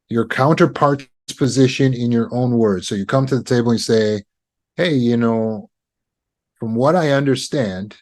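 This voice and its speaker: A man coaching on trauma recovery, teaching negotiation skills in a calm, measured way with deliberate pauses. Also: medium pitch.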